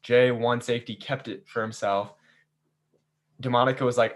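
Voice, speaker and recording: Animated man recapping a game season. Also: medium pitch, normal speed. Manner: animated storytelling, acts out players' quotes. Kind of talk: casual chat.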